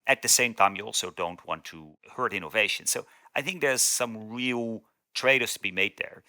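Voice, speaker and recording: A man's voice: on the low side, moderate pace, bright, forceful tone, no echo. A man, a consulting partner, giving a business interview and laying out steps one by one. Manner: structured, lists steps methodically.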